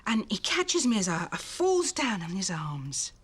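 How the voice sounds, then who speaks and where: An actress playing a tender-hearted older Victorian woman, telling a story in hushed, breathless dialect. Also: mid-range voice, very animated, a little slow, slightly rough. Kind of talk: period TV drama acting.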